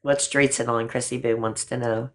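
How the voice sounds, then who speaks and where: An older woman chatting on a phone livestream, warm-hearted with her viewers and calling them honey. She talks loosely and affectionately, with the odd casual curse word dropped in. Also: rumbling low, fairly even intonation, normal speed. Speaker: livestream host.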